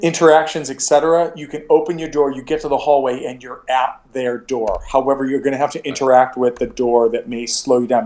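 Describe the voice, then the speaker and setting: A man's voice: mid-range voice, darkish tone. A man running a tabletop game as game master, talking casually and rambling, with frequent restarts.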